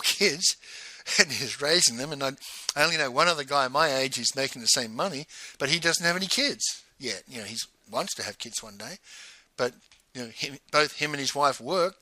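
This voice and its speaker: A middle-aged man telling a personal story in a casual monologue, animated and acting out both sides of the remembered dialogue. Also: medium pitch, a little fast, no echo.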